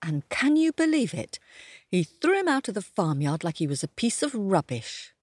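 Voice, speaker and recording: A woman's voice: medium pitch, big pitch swings, moderate pace, darkish tone, no echo, clean studio sound. A woman telling a children's story aloud and inviting young listeners to join in the animal noises.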